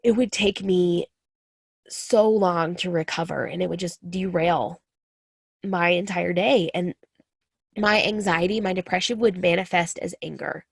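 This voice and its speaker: Earnest woman with a gravelly voice. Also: on the low side, steady tone, measured pace, no room sound, studio quality. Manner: earnest, confiding, addresses listeners as friends. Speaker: military spouse sharing her story. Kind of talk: personal talk to camera.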